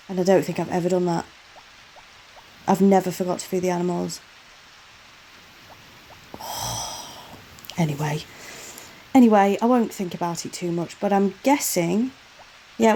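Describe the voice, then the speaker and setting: A woman's voice: medium pitch, dark tone, a little hiss or hum, rough recording. A woman host doing a chatty voiceover for a game playthrough, often exclaiming in exasperation at herself. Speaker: gaming channel host.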